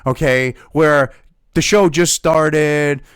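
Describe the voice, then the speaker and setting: A man's voice: a little high, fairly even intonation, slow pace, smooth, no echo, studio quality. A man ranting angrily in a profane commentary video, talking as host.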